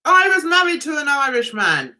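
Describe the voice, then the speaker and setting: Bright, animated Mancunian woman. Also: high-pitched, moderate pace. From Manchester, England. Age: middle-aged. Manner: chatty, giggly, reads viewer comments aloud. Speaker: livestream host. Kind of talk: casual livestream chat.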